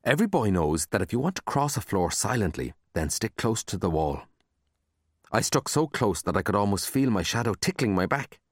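A man narrating a children's book aloud in a lively, expressive storytelling manner, close to the mic. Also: deep voice, no echo. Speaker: audiobook narrator.

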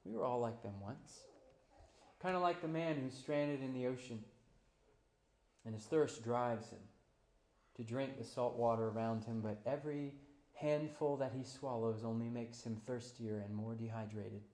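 A pastor preaching a sermon, moving between quiet, low passages and loud, high-pitched climaxes. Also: male voice, moderate pace, echoey room.

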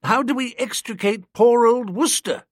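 A man voicing an idle, chatty young English gentleman in an audiobook, with a husky voice. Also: very high-pitched, moderate pace, no room sound, studio quality, pitched above the performer's own voice. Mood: fretful. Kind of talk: audiobook character reading.

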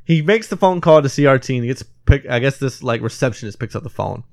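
A man co-hosting a film podcast, casually retelling the plot in an animated way, swearing freely and acting out the characters' lines. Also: mid-range voice, fast talker, gravelly. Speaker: podcast co-host reviewing a film.

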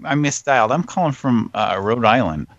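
A man's voice: mid-range voice, lively intonation, normal speed, no room sound, highs cut off. A man hosting a live prank call show, chatting casually in a joking, self-mocking way. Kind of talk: casual chat.

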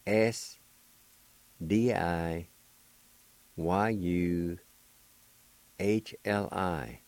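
An older man from Oklahoma with a low, dark voice, teaching words on the radio. He spells each one slowly and deliberately, letter by letter, then repeats it. The sound is close and dry. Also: dry recording. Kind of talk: slow spelling and pronunciation lesson.

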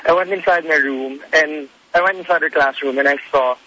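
A young man calling in to a radio show, telling a story in a hesitant, halting way. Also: on the high side, bright, forceful tone, breathy edge. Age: young adult. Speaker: caller. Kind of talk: phone-in story. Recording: dull lo-fi call audio.

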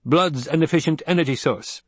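A man voicing a cold, scholarly male ecologist who speaks in a calm, lecturing way. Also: a little high, a little fast, slightly rough, no room sound, pitched above the performer's own voice.

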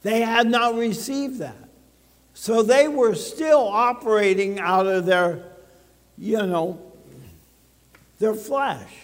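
A man's voice: sits high, takes it slowly, long pauses. A male pastor preaching a sermon in a church, speaking emphatically and checking in with the congregation. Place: church sanctuary. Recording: long reverb of a church hall.

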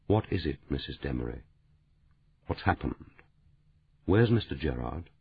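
A man voicing a calm, controlled man in an audiobook, speaking low and measured. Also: creaky, slightly rough, narrow, tinny audio, full character voice. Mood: quiet, tense. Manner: quiet, measured, low delivery.

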